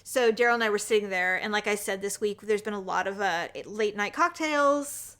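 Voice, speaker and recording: This podcast co-host is a woman with a medium-pitched voice who talks at a normal speed. In casual chat she tells stories as an animated storyteller, acting out quotes in a lively way.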